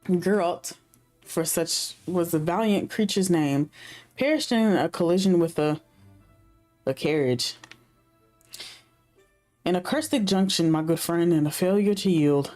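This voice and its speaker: A woman's voice: on the low side, animated, measured pace, long pauses, a little mellow, faint music behind. A woman voicing a pompous grown man who cosplays as a knight, speaking in grand mock-archaic phrases as she reads game dialogue aloud. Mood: theatrical.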